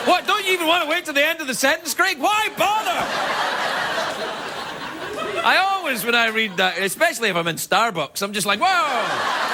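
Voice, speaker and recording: Lively high-voiced man, comic monologue. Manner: jokey, animated, self-mocking asides. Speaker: late-night talk show host. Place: TV studio with live audience. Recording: loud studio audience laughter and noise.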